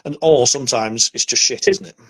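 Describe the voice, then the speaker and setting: A man's voice: mid-range voice, brisk, creaky, fairly bright tone, breathy edge. A man in a casual podcast chat who muses thoughtfully on the topic. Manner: thoughtful, musing.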